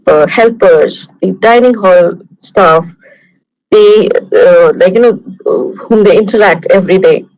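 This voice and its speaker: Woman, Indian English accent, mid pitch, guest lecturer on a video call, chatty and anecdotal. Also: darkish tone, rough recording. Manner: conversational, anecdotal, talks through examples. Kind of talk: online lecture.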